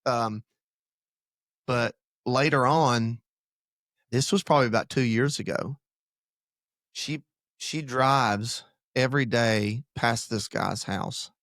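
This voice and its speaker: A man's voice: medium pitch, slow pace, long pauses, a bit bright, no room sound, clean studio sound. A man, a pastor, telling a story in casual conversation on a church podcast. He talks earnestly, restarts his sentences and drifts from the story into preaching.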